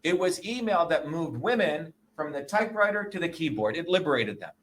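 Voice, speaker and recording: A man in his sixties, a guest in an interview, talking in a combative, profane and emphatic way, often pausing to ask "okay?" or "you see?". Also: on the high side, lively intonation, fairly bright tone. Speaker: interview guest, presidential candidate.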